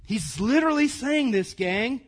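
A man preaching a casual, conversational sermon, calling the congregation "gang" and swinging between loud emphasis and quiet asides. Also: very high-pitched, animated, a little slow. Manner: folksy, calls the congregation "gang", asides to the room. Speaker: pastor.

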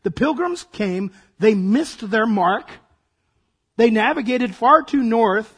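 A man preaching a sermon as pastor, his voice hoarse and raspy, acting out dramatic asides. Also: high-pitched, lively intonation, slow pace, a bit bright.

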